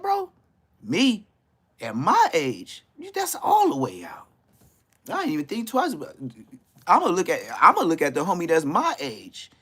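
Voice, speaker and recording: A man in his fifties from Los Angeles with an LA accent, roasting people on a YouTube live stream in loud, mocking street talk, laughing often and jumping into high-pitched bursts. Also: husky. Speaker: YouTube commentator.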